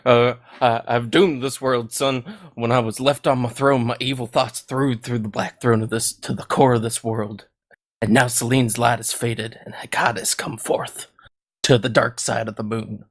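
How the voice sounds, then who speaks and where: A man's voice: medium pitch, steady tone, normal speed, lightly acted. A man voicing a wisecracking skeleton ex-king who cracks bone puns, in a storytelling game podcast. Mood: confessional. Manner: jokey, punning. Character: wisecracking skeleton ex-king, male, pun-loving.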